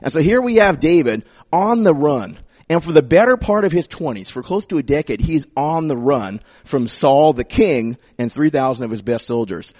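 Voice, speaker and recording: A man's voice: fairly high pitch, expressive, moderate pace, darkish tone, no room sound, studio quality. A male pastor preaching a sermon in a conversational storytelling way with playful asides.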